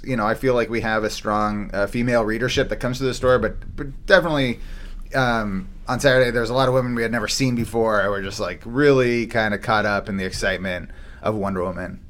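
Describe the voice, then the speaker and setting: A man who runs a comic shop hosts a casual podcast. He rambles through his stories with fillers and restarts, and he swears offhandedly. His voice sits at an ordinary middle pitch. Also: fast, fairly bright tone.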